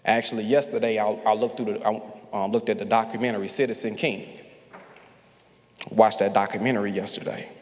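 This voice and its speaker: A man's voice: fairly low pitch, little pitch movement, a little fast. A man preaching a sermon in a large church sanctuary, speaking in a rhythmic, repeating style and calling on the congregation to answer him. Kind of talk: call-and-response sermon. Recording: long hall reverb from the sanctuary.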